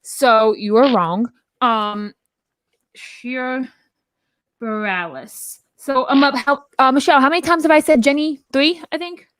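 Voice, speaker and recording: A woman's voice: high-pitched, moderate pace, no room sound, clean studio sound. Chatty woman rambling through a story. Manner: rambling, animated storytelling with many restarts. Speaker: podcast co-host. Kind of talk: casual chat.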